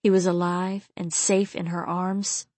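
A woman narrating an erotic romance novel in a soft, low, intimate reading. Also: little pitch movement, measured pace, no echo. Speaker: audiobook narrator.

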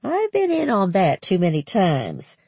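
Audiobook character: reader playing a self-assured committee woman, husky, knowing, lively pitch. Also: dry recording, exaggerated voice. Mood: firm. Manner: measured, knowing. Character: poised, capable older woman, committee chair.

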